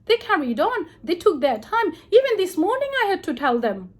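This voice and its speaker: A woman with a notably high voice vents to her camera from inside a hotel room. She talks in an indignant rush and quotes the exchanges one after another. The sound is close and direct, like a phone held near. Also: sing-song. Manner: indignant, rapid retelling with quoted back-and-forth. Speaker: vlogger recounting a complaint. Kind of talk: heated personal account to camera.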